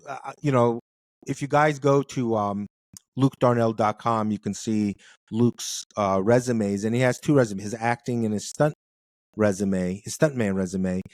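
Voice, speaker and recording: A man's voice: mid-range voice, no echo, studio quality. A man hosting an interview, chatty and joking, with lots of restarts. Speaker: podcast host. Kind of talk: casual interview.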